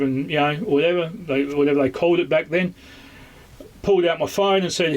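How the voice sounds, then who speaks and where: A man's voice: fairly high pitch, a little fast. A man with an Australian accent telling a personal story in a rambling, casual way, full of fillers and restarts. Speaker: vlogger.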